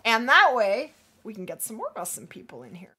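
A woman hosting a hunting-game livestream, chatting casually with viewers and reading their messages aloud, her voice going hoarse from days of streaming. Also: on the high side, big pitch swings, sharp tone. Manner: upbeat, chatty, reads chat aloud, quick to laugh. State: losing her voice. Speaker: livestream gaming host. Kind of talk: casual livestream chat while playing.

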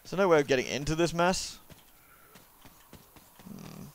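Chatty man with a lively voice. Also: on the high side, moderate pace, creaky. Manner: chatty, jokey, swears and apologizes to the game character. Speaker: gaming YouTuber. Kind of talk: casual let's-play commentary.

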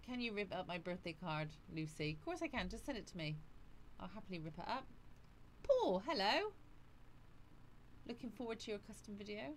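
A woman's voice: mid-range voice, big pitch swings, moderate pace, pauses often, slight background noise. A woman on a casual livestream, chatting breezily, greeting viewers by name and laughing often. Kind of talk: casual live chat reading out viewer comments.

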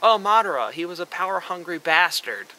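A man's voice: high voice, big pitch swings, brisk, bright, forceful tone, poor audio. Sarcastic, profane man ranting sharply. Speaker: vlogger. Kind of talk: ranting commentary.

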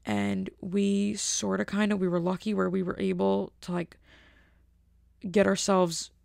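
Woman podcaster rambling thru a story, real gravelly fry in her voice, dry close sound. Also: medium pitch, a little slow, no room sound. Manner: rambling, animated, restarts. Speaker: podcast host. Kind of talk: casual storytelling monologue.

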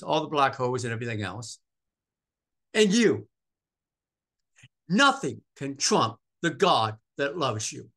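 Bright-voiced preacher man from Maine. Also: on the high side, measured pace. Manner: animated preaching, swinging from loud emphatic calls to hushed tender passages; repeats phrases for emphasis. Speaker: pastor. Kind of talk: sermon.

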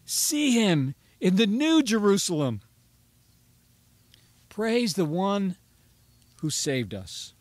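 A man's voice: sits high, sing-song, takes it slowly, pauses often, no room sound. A man preaching a sermon as pastor, earnest and rising to emphatic pleading on key phrases.

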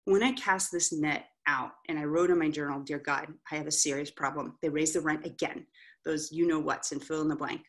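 A middle-aged woman giving a candid motivational talk to an audience as an author and coach, telling stories in an animated way and checking in with the room with frequent asides. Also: low voice, brisk. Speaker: author and coach, guest speaker.

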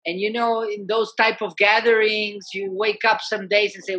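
A musician and peace activist, appearing as a guest, tells a story in a lively, conversational way, frequently saying "you know." His voice is high-pitched, at normal speed with few pauses.

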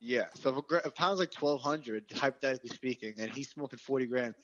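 A man's voice: mid-range voice, fast, highs cut off. A young man chatting casually on a podcast, rambling and full of "like". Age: young adult. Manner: rambling, lots of filler "like". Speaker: podcast co-host, host's son. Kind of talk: casual chat.

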